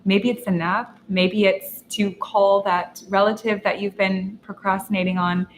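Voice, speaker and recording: A woman's voice: medium pitch, steady tone, a little slow, a little hiss or hum, poor audio. A young woman hosting a casual livestream Q&A, upbeat and encouraging, talking straight to her viewers. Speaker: lifestyle coach and host.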